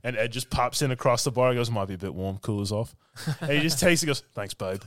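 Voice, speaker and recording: A man's voice: medium pitch, quick pace, fairly bright tone, dry recording. Guy rambling thru a movie recap, says like a lot, dry close sound. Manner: rambling, fills with "like", acts out quotes. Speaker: podcast co-host. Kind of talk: casual film review chat.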